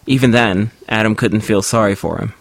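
A man reading a story aloud in an even, measured way as the narrator. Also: fairly low pitch, vocal fry, no echo. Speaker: audiobook narrator. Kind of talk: scripted narration.

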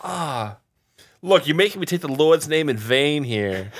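A man giving casual, profane movie commentary, laughing often and tossing off quick asides. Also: on the high side, expressive.

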